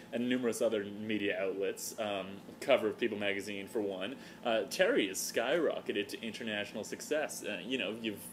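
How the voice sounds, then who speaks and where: A man hosting a comedy vlog, stammering and tripping over restarts in a mock-excited way. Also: medium pitch, slight background noise. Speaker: blog host.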